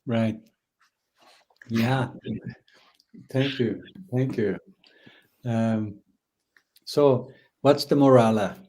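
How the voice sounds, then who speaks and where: Casting: male host, slow and unhurried, relaxed live introductions. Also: mid-range voice.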